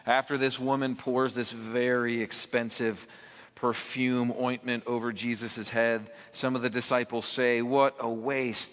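A man's voice: medium pitch, a bit bright. A male preacher giving a conversational sermon, posing rhetorical questions to his congregation. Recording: echoey hall, dull lo-fi sound.

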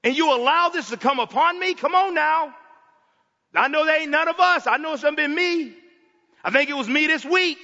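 A man preaching a passionate sermon in a church, swinging between loud cries and hushed, quiet lines. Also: very high-pitched, moderate pace. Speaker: pastor. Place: church sanctuary. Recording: dull sound with long hall reverb.

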